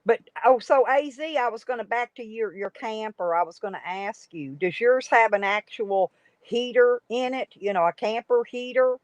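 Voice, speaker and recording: A woman's voice: on the high side, moderate pace, no room sound. Chatty woman on a livestream. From United States. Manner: rambling, chatty, greets viewers by name. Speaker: livestream host. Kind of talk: casual live chat reading comments. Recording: dry, dull lo-fi stream audio.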